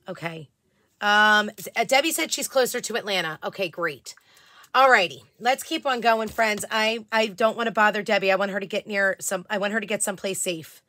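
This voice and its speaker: A woman's voice: mid-range voice, moderate pace, sharp tone. A woman hosting a casual live stream and selling crafts. She chats along, greets viewers by name and fills her talk with "um". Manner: chatty, greets viewers by name, many fillers.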